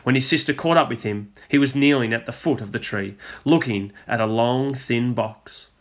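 A male teacher reads a children's picture book aloud in a mid-pitched voice. His storytelling is expressive, and he lets his voice fall low and soft on the speech tags. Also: normal speed.

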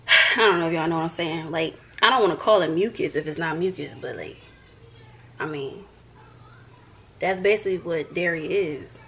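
A woman's voice: low voice, moderate pace, pauses often, bright, forceful tone. A young woman from the American South, chatting playfully to the camera as a vlogger at home and talking to her viewers like friends. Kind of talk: casual chat to camera.

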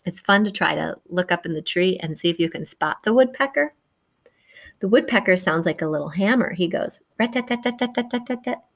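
A woman reading a picture book aloud to young children, gentle and encouraging, chatting about the pictures and imitating the story's sounds. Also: lowish voice, a little fast, creaky. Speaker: children's read-aloud presenter.

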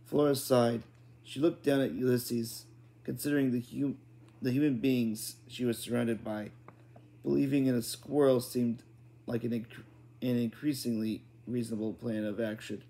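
A man's voice: medium pitch, steady tone, moderate pace, mellow. A man reading a children's book aloud in an unpolished style, often restarting and correcting words. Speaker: reader.

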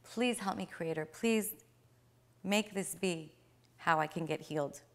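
A woman's voice: lowish voice, measured pace. A woman voicing a sick, determined teenage girl who speaks earnestly. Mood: pleading.

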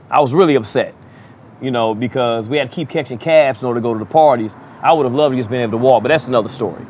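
A man's voice: mid-range voice, a little mellow, slight background noise. A man working as a DJ tells a wild story in a casual, profane way, chuckling as he goes. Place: outdoors in a city.

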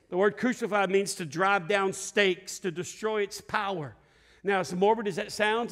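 Fairly quick and high-set, the voice belongs to a middle-aged lead pastor giving a sermon before his congregation. He acts out voices in his stories, shouts, and calls on the church to answer back.

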